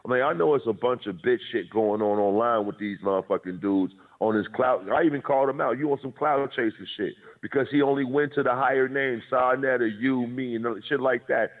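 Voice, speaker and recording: A man's voice: medium pitch, fairly quick, few pauses. A man talking in a heated, profane, blunt way as a guest on a call-in chat show. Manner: profane, blunt, says he is aggressive and abrasive. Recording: tinny phone-like call line.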